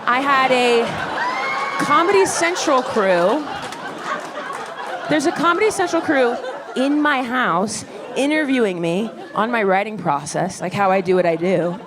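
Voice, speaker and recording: A woman stand-up comedian telling a story in a wry, quick, self-deprecating way, on a club stage with a handheld mic. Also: on the high side, animated. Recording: live club recording with crowd noise. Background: audience laughter.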